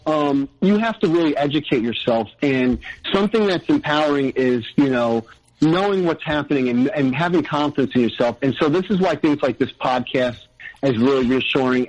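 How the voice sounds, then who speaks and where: A man telling his personal story as a podcast guest, earnest and halting, often restarting his sentences. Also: on the high side. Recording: dull lo-fi audio.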